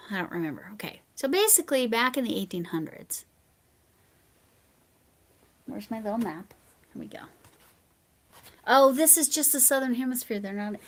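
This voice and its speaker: An American woman hosting a livestream, chatting casually with viewers and reading their comments. She rambles and drifts into soft mumbled asides. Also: mid-range voice, a little hiss or hum. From United States. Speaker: livestream host.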